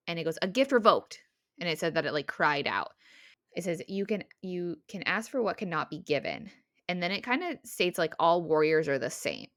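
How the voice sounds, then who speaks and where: A woman's voice: low-pitched, a bit bright, no room sound, clean studio sound. A woman co-hosting a casual book podcast, animatedly retelling scenes and acting out lines. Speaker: podcast co-host.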